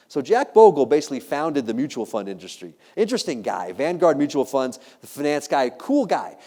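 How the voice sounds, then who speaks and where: A man's voice: medium pitch, dark tone. A man giving a motivational keynote on ethics, telling stories and asking the audience rhetorical questions. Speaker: keynote speaker and ethics teacher.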